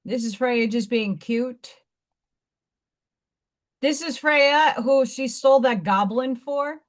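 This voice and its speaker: Slow-talking woman hosting a casual live stream. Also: sits high. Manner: rambling, with frequent restarts and blunt asides. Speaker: livestream host.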